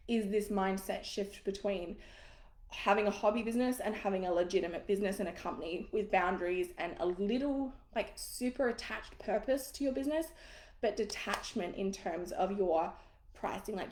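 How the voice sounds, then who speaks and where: A woman coaches business owners through a live online masterclass. She talks in a casual, frank and encouraging way and swears now and then. Her voice sits at a middling pitch and carries a roomy echo.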